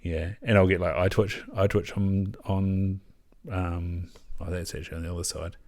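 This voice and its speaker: A man's voice: sits low, little pitch movement, normal speed, darkish tone. A young man hosting a podcast, chatting candidly and casually, laughing often and swearing. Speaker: podcast host. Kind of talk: casual chat.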